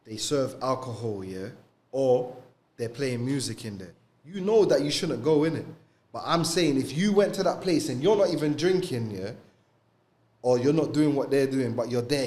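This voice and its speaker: A young man, co-hosting a podcast and talking casually about faith in street slang, often adding "bro" and "you get me". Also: mid-range voice. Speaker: podcast co-host. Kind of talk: casual religious discussion.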